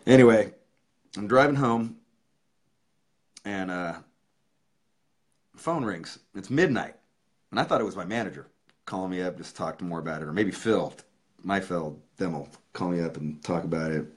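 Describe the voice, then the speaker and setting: A man hosting his own livestream tells an emotional story in a casual, profane way. His voice sits low, his pace is moderate with long pauses, and he's picked up by a webcam or phone mic.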